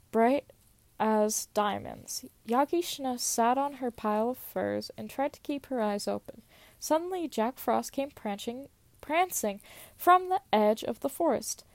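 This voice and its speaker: Young woman, casual storyteller, fairly high voice, dry close sound, slips and cusses in asides. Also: measured pace, vocal fry, dry recording. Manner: stumbles and laughs at own slips, swears in asides. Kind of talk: casual reading of old stories aloud.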